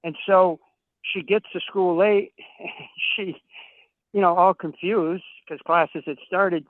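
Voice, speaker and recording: A man's voice: high voice, fairly even intonation, takes it slowly, no echo. A man, a podcast guest, tells long profane stories and acts out the dialogue of the people in them. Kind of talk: casual storytelling chat. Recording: tinny phone-like line, dry.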